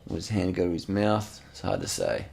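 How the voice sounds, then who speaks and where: Gravelly, deep man commentating. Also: a little fast. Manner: excited, repetitive, swearing, slangy. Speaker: channel host. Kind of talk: casual commentary over race footage.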